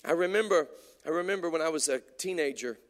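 A man preaching a sermon, his voice sitting a little high for a man. He tells a story in a hushed tone, stammers and repeats words, and then builds to shouted exhortation. He grew up in Indiana. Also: fast talker, long reverb tail. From Indiana, USA.

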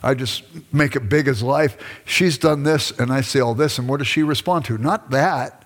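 A man's voice: medium pitch, moderate pace. A middle-aged man teaching a church audience about marriage in a conversational, self-deprecating way, acting out his own past arguments. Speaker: speaker on marriage. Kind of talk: sermon-style teaching talk.

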